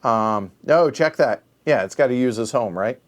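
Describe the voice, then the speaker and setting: A man's voice: medium pitch, lively intonation, moderate pace. A man hosting a solo board game play-through, thinking aloud and muttering counts under his breath as he works out each move.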